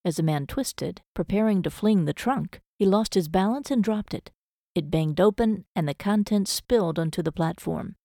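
Mellow, low woman narrating an audiobook. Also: lively intonation, moderate pace, no echo, studio quality.

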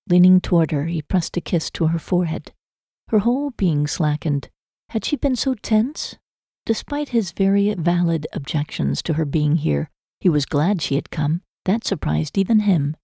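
A woman narrating a romance novel in a measured, even storytelling manner. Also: low-pitched, gravelly, breathy edge, no room sound, studio quality. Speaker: audiobook narrator. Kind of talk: scripted narration.

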